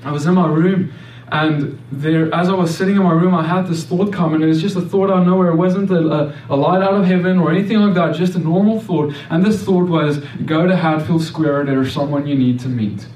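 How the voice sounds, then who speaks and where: A man's voice: fairly high pitch, steady tone, brisk, few pauses, darkish tone. A man giving a personal faith testimony, earnest and storytelling, often restarting and repeating words. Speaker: speaker sharing a testimony. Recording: roomy echo, mic at a distance.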